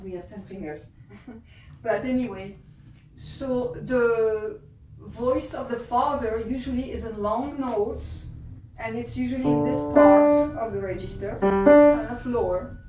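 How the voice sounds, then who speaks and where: A woman's voice: mid-range voice, darkish tone. A woman pianist casually explaining a piece to guests at a home gathering, chatty and a little hesitant. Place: home, indoors. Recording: roomy, from a distance.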